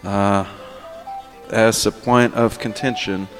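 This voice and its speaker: A man's voice: lowish voice, fairly even intonation, takes it slowly, big-room sound, music in the background, pitched below the performer's own voice. A man playing a boastful, crude fake-medieval lord who speaks in mock archaic English and barks orders.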